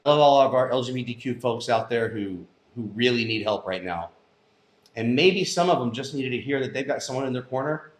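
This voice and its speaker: A man's voice: mid-range voice, expressive, brisk, roomy sound. A man hosting a news commentary show, speaking in an impassioned, emphatic way. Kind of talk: opinion commentary monologue.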